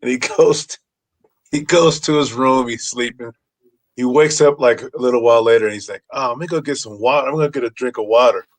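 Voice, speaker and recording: A man's voice: mid-range voice, brisk. A man hosting a casual talk show, telling anecdotes loosely, laughing and acting out quotes. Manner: loose, laughing storyteller who acts out quotes. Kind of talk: casual chat.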